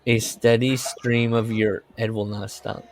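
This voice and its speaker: A man's voice: medium pitch, level tone, unhurried, a little mellow. A man co-hosting a casual podcast, chatting loosely, swearing now and then, and reading passages of a story aloud. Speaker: podcast co-host.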